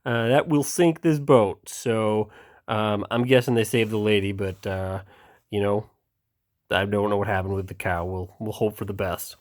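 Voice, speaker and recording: A man's voice: lowish voice, level tone, normal speed. A young man reading a children's book aloud in a casual, jokey way, wry and offhand with ad-libbed asides.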